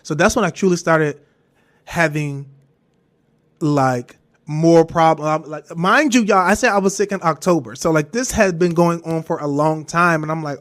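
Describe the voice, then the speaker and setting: A man with a somewhat high-pitched voice tells a personal story as a podcast monologue. He rambles candidly and animatedly, doubling back on himself and swearing freely. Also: normal speed, a bit bright. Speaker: podcast host.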